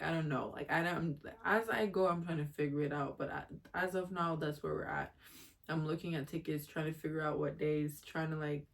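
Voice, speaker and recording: An emotional woman from Jamaica speaks candidly in a personal vlog, drifting from thought to thought. Her pitch stays flat and even throughout. She talks with open, rambling honesty. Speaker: vlogger.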